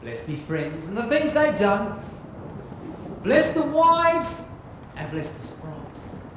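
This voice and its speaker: A man's voice: sits high, big pitch swings, slow, a bit bright, a little hiss or hum, full character voice. A man playing a boisterous pirate captain on a theatre stage, singing and reciting rhyming verse to a live audience. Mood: earnest recital. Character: boisterous old-time pirate captain, male. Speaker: solo stage performer. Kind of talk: live theatre show with songs and poems. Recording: echoey live theatre with music.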